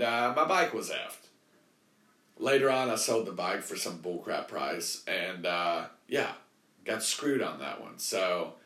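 A man tells a rambling story as a show host, with a lively, swinging pitch. He softens his swearing, and his voice rings in an echoey room. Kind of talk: casual storytelling.

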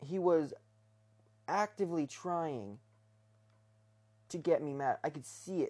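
A man's voice: medium pitch, mellow. A young man rambling casually in his bedroom, talking hesitantly with many restarts and fillers. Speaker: vlogger.

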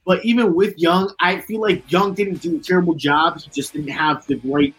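A man with a husky voice co-hosting a sports podcast, walking through awards with many ums and restarts. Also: high-pitched, fairly even intonation, normal speed, fairly bright tone, poor audio. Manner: hesitant, lots of ums and restarts. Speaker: podcast co-host. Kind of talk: casual chat.

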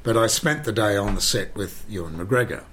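An actor, telling rambling, animated anecdotes in an interview and often repeating himself. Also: male voice, on the low side, moderate pace, a little hiss or hum. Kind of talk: conversational interview, storytelling.

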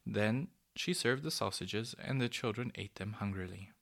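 A man reading a children's story aloud in a gentle, unhurried way, with small slips and rereads. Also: fairly low pitch, gravelly.

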